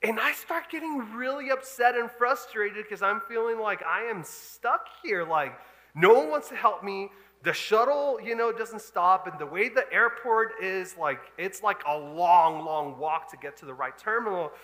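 A man in his thirties preaches from the pulpit with a high, bright, ringing voice. He tells the story in an animated, exasperated way and often laughs. His voice carries a long reverb from a large church hall. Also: unhurried. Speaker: pastor. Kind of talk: storytelling sermon.

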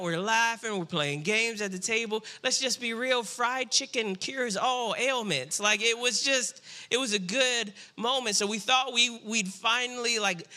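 Pastor, man in his thirties, high-pitched and very bright; lively storytelling sermon with comic asides. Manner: animated, jokey, acts out family voices. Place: church stage.

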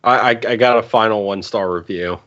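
A man's voice: fairly low pitch, a little fast, a bit bright, highs cut off. A man co-hosting a podcast in casual chat, rambling, laughing and stumbling over his words. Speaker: podcast co-host.

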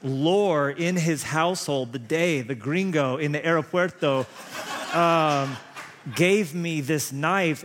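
A man's voice: a little high, a bit bright. A man in his thirties preaching a sermon, telling rambling, self-deprecating stories full of restarts. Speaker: pastor. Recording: long hall reverb.

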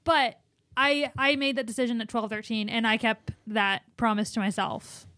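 A young adult woman co-hosting a casual talk show, explaining her views in a measured, thoughtful way. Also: fairly high pitch, steady tone, pushed and bright, no room sound, studio quality. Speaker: podcast co-host. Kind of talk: casual opinionated chat.

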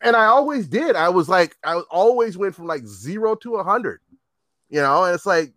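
A man in his fifties telling a story in casual chat, animated and profane, often laughing. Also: high voice, normal speed, no room sound. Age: 50s.

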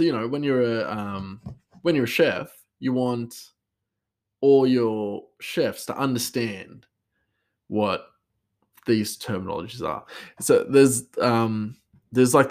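A man's voice: medium pitch, a little mellow. A man, a chef, talking casually on a podcast, rambling and hesitant with plenty of laughs.

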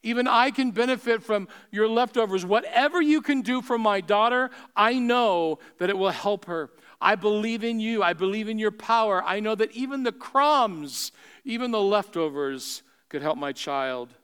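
An earnest, imploring mother from an old story, begging for help with humble faith, as a preacher puts her on. The voice sits high and rings out smooth and resonant. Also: normal speed, fairly bright tone. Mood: pleading. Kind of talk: sermon.

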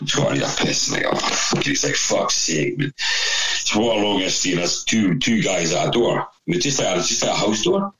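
Deep-voiced man spinning a sweary yarn. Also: expressive, brisk, hardly any pauses, a crowd in the background, rough recording. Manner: sweary, rambling, laughing storyteller. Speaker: storyteller. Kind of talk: casual anecdote.

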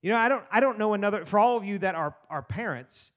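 Guy preaching a sermon, high voice, animated, gets loud then drops real quiet. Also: fast talker. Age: adult parent. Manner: animated preaching, rising and dropping to soft asides. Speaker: pastor.

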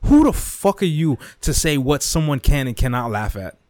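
Animated, profane young man ranting. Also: a little high, normal speed, no echo, clean studio sound. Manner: animated, profane, repetitive, swings into mock whispers and impressions. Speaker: podcast host. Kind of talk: casual rant monologue.

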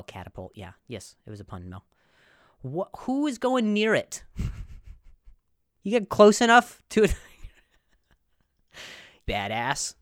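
In a clean studio recording with no room sound, a mid-range male podcast host runs through a rambling, jokey monologue. He trips over his words now and then and chuckles at his own humor, keeping it a casual comedy piece.

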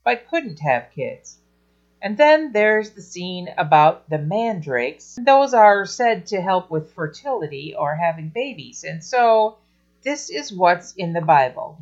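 Woman, children's ministry teacher; slow, lowish, dull lo-fi recording. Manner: earnest, amused, reads scripture aloud expressively. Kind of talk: teaching talk on storytelling.

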